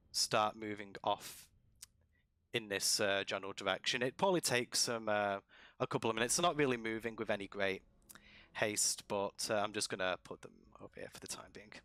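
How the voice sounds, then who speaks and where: Bright-voiced male dungeon master. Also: on the low side, clean tone, dry recording. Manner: relaxed, many ums and pauses. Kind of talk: narrating a tabletop game.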